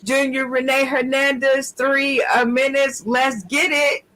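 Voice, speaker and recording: A man's voice: extremely high pitch, little pitch movement, unhurried, bright, forceful tone, low-quality recording. A man hosting an online comedy show over video call, laughing and calling out to the audience like an emcee. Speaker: host.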